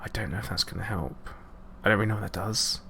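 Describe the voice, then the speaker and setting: A man chats casually through a live game stream, rambling and poking fun at himself. His voice sits low and has a gravelly texture. Faint keyboard typing ticks along behind him. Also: fast, bright, forceful tone, slight background noise. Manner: chatty, rambling, self-mocking asides. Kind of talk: casual live gameplay commentary.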